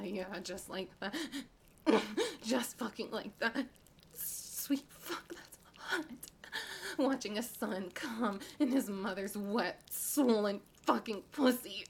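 A woman acting in an erotic audio role-play as a desperate, pleading, domineering adult woman, breathy and alternating between whispers and sobs. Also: a little high, a little hiss or hum, full character voice.

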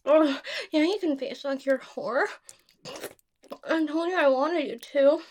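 A young adult woman performing adult audio role-play, with a teasing, intimate and unhurried delivery. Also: high-pitched.

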